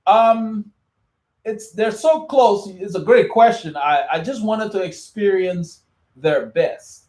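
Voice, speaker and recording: A man's voice: high-pitched, slow, a little mellow. Rambling man in an echoey room. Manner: rambling, repeats words and restarts often. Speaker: cycling channel host. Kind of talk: casual live chat answering viewer comments.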